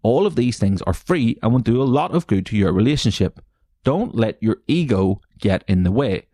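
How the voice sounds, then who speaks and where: A man hosting a solo podcast, reading online posts aloud and mocking them with heavy swearing, frequent laughs and sudden high silly voices. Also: animated, moderate pace, warm tone, no echo, studio quality. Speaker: podcast host.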